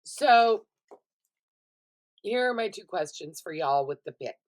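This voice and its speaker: A middle-aged woman with a mid-range voice speaks slowly in a casual recap vlog, telling her viewers directly about the TV shows she's been watching. She's chatty and expressive, swearing freely as she goes.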